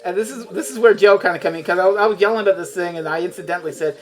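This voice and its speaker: A woman's voice: fairly low pitch, very fast, hardly any pauses, faint music behind. A woman streaming a video game, rambling and swearing freely as she chats. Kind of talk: casual chat while playing a video game.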